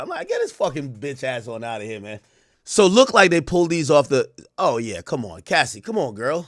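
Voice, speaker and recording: A young man doing a livestream reaction, loud and profane, laughing and mocking as he reads texts aloud. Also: mid-range voice, no room sound, clean studio sound. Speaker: streamer reacting to trial texts.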